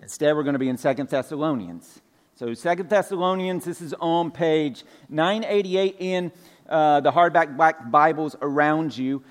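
A pastor in his forties from Georgia, with a light Southern accent, delivers a folksy, conversational sermon to his congregation, full of fillers and asides. His voice is fairly high and moderately paced, and it echoes through a big church sanctuary.

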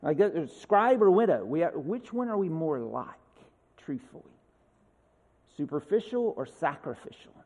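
A man's voice: fairly high pitch, very animated, normal speed, a little mellow, lo-fi sound. Man preaching in a reverberant hall. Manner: conversational, asides and rhetorical questions. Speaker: pastor. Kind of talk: sermon.

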